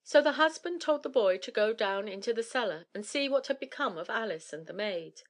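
A woman narrating an old fairy tale in a steady, measured reading voice. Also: fairly high pitch. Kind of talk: storybook reading.

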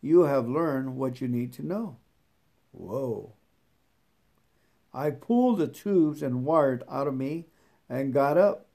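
Guy reading a devotional real slow, says the bible verses twice, stumbles a bit when he talks on his own, mid-pitched voice. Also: expressive, creaky, warm tone. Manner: slow, deliberate reading that repeats scripture verses; halting and stammering in his own comments. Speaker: truck driver reading a devotional book aloud. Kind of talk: devotional reading with personal comments.

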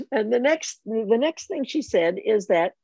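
An older woman telling a personal faith story in conversation, animated and self-mocking, with frequent restarts. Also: on the high side, slow pace, gravelly, breathy edge, dry recording. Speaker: guest sharing her testimony.

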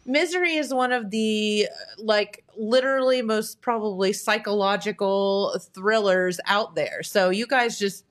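A woman's voice: mid-range voice, a little slow, hardly any pauses. A woman hosting a local morning show, chatting casually and laughing often, sharing one studio mic with a guest. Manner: bubbly, giggly and joking. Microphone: shared studio microphone.

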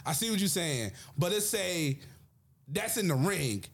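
A man chatting casually about wrestling as a podcast co-host, animated and acting out quotes in put-on voices. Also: high voice, a little slow, husky.

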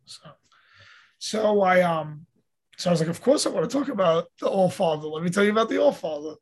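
A man with a notably high and husky voice tells stories in a loose, conversational way. He talks earnestly, drops the occasional swear word and sounds relaxed as a podcast guest. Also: a little fast. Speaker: podcast guest, fitness coach. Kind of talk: casual conversational storytelling.

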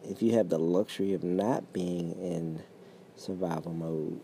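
Man, very deep, gravelly, blunt and swearing, casual co-host chat, faint background noise. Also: fairly even intonation, measured pace, mellow. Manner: blunt, swears freely, laughs often. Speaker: podcast co-host.

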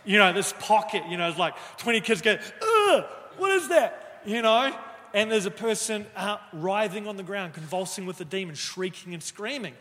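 A man, a pastor, telling a personal story in an animated way and acting out the voices of the people in it. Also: high-pitched, brisk, big-room sound. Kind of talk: storytelling talk.

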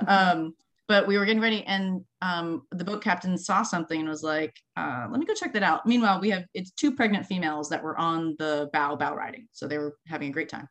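A middle-aged woman who researches marine mammals, telling field stories in a casual, animated way, laughing often and acting out quotes. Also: fairly low pitch, fairly quick. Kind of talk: casual conversational storytelling.

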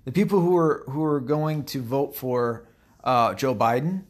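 Male commentator, mid-pitched, sarcastic and foul-mouthed, loose rambling delivery. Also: measured pace. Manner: profane, sarcastic, rambling with many fillers. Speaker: political commentator. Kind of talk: casual ranting commentary.

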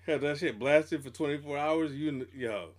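A man's voice: a little high, moderate pace. Profane, loose-talking male podcast host. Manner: loose, profane, animated retelling with quoted reactions. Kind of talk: casual chat.

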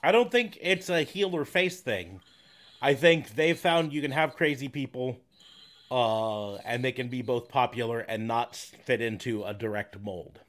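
A man's voice: medium pitch, animated, unhurried, a bit bright. A man co-hosting a podcast, arguing opinions in casual chat about wrestling storylines. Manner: opinionated, argumentative. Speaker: podcast co-host.

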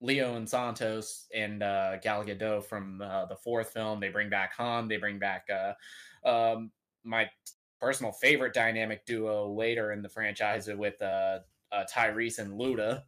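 A man's voice: lowish voice, fairly even intonation, a little slow, pushed and bright. A man chatting casually on a podcast, rambling and joking with lots of "like" and "uh" fillers. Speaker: podcast co-host. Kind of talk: casual chat.

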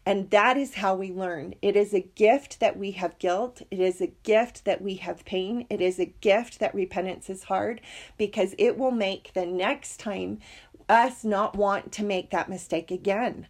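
A woman's voice: medium pitch, measured pace. A middle-aged woman teaching a scripture lesson, reading verses and sharing a personal story in an earnest, heartfelt way.

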